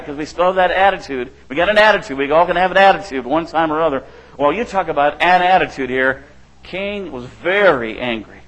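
Middle-aged male preacher, slightly higher voice, chatty sermon style that keeps asking "right?". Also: fairly bright tone, rough recording. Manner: conversational preaching, asks the room "right?", acts out quotes. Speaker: pastor.

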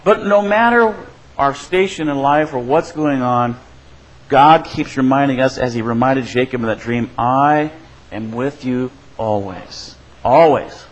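A man's voice: moderate pace, low-quality recording. A man preaching a sermon as a pastor, conversational and often checking in with his listeners. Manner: conversational, asks the congregation "right?"; acts out quoted voices with shifts in pitch and loudness.

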